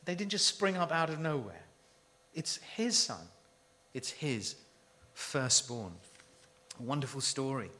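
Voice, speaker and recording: A man's voice: mid-range voice, sing-song, unhurried, bright, forceful tone. A man preaching a sermon, emphatic and full of rhetorical questions to his listeners.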